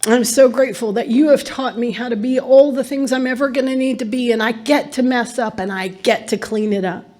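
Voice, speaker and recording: A woman's voice: a little high, fairly quick, darkish tone. A middle-aged woman speaking at a recovery meeting, telling her story in an earnest, emphatic way. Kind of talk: personal testimony talk.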